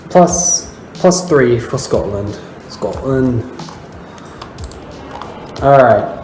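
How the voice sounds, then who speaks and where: Australian male host, casual commentary with lots of fillers, mid pitch. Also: darkish tone. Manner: rambling, many fillers. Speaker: host reviewing viewer memes. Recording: roomy with faint music.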